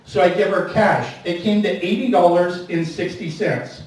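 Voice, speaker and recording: A man's voice: high-pitched, moderate pace, a little mellow. A man performing a stand-up comedy set, telling a story with incredulous rants. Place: comedy club stage. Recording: echoey live venue from a distance. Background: audience laughter.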